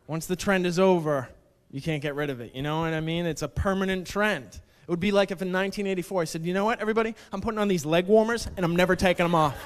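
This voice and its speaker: Deadpan self-deprecating stand-up comic. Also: male voice, sits high, fast talker, hardly any pauses, smooth. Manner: deadpan, self-deprecating, slips into mock quotes. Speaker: stand-up comedian. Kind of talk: stand-up comedy set. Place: comedy club stage. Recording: club stage with long reverb, faint noise.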